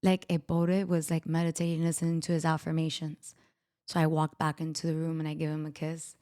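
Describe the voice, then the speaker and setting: A woman's voice: low voice, completely flat delivery, brisk, dark tone, clear, resonant tone. A woman hosting a podcast who tells candid personal stories in a casual, self-mocking way, acting out both sides of the dialogue. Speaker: podcast host. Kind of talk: casual storytelling chat.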